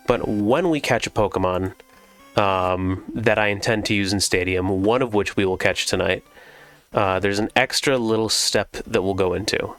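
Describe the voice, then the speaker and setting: A man streaming a video game, chatting casually and relaxed with his viewers. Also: on the low side. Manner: relaxed, chatty, talks to chat.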